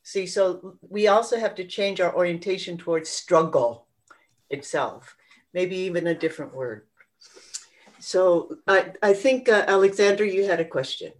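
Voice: medium pitch, expressive, normal speed. A co-host in a live question-and-answer talk, reflecting at length through an extended metaphor.

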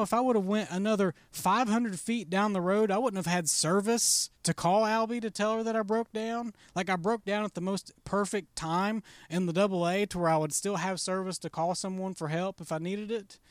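A man's voice: sits high, steady tone, a little fast, few pauses, dry recording, clean studio sound. A man, a pastor preaching a sermon in a casual, conversational storytelling way and acting out his own thoughts as he goes.

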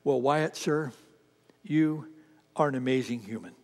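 A man's voice: medium pitch, unhurried, darkish tone, long reverb tail. A man preaching a sermon, telling a story earnestly and speaking directly to his congregation. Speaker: pastor.

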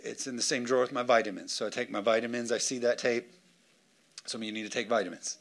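A man pastor preaching a sermon in a church, lively and joking, calling on the congregation for amens. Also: medium pitch, fast, creaky. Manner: lively preaching with jokes and call-and-response. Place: church sanctuary.

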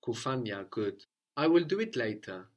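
A man with an ordinary mid-range voice leads a spoken language lesson. He prompts, corrects gently and echoes every answer back. His manner stays calm and encouraging. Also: medium pitch, moderate pace. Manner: patient, repeats and praises answers. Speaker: language teacher.

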